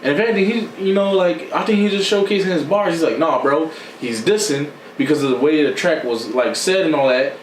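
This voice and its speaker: A man chats on a podcast and acts out every quote, jumping in pitch whenever he plays someone else. His voice sits a little high. He sounds distant in a roomy space, with faint hiss behind. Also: brisk. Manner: animated storytelling, acts out quotes with sudden pitch jumps. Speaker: podcast co-host. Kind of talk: casual chat.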